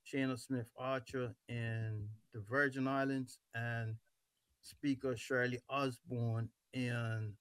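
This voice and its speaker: A man hosting a radio talk show, relaxed and teasing as he wraps up the show. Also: mid-range voice, clean tone, no room sound. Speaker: host.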